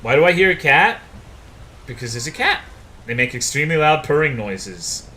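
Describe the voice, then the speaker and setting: A man's voice: a little high, very animated, normal speed, bright, forceful tone, a little hiss or hum. A young man streaming a game, chatting casually with viewers, swearing often and joking. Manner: profane, joking, reading chat aloud. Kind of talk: casual live-stream chat.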